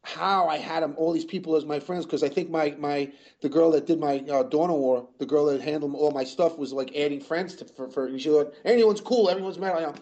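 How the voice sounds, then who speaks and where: An older man in a casual interview, rambling through his stories and circling back with restarts. His voice sits a bit high for a man and has a mellow, dark tone. The audio sounds dull, like lo-fi radio. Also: fairly even intonation, a little fast, few pauses. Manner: rambling, full of "you know" and restarts. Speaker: guest musician.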